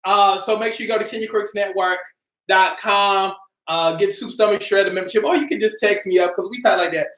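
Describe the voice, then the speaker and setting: A woman hosting a casual live stream, upbeat and greeting her viewers by name, sometimes calling out loudly. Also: medium pitch, fairly even intonation, brisk. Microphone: camera mic. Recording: roomy echo.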